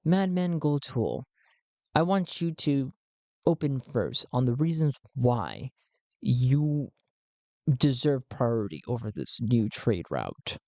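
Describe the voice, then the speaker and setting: A courteous envoy who speaks formally and soothingly to calm two rivals, as a man plays him in a solo tabletop game. He speaks slowly, and his voice sounds close and dry. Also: medium pitch, creaky, no room sound, full character voice. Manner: courteous and placating, formal speech. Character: polite diplomatic male mediator envoy.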